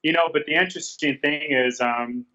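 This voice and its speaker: A man's voice: a little high, normal speed, sharp tone, dull audio. A man telling a personal story in a candid interview, earnest and repeating his phrases as he quotes past conversations. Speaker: guest.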